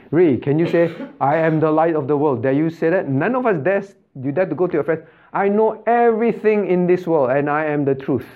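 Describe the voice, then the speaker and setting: A man pastor teaching an interactive Bible class, who stresses key words, repeats himself and quizzes his listeners with "right?". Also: a little high. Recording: tinny phone-like sound.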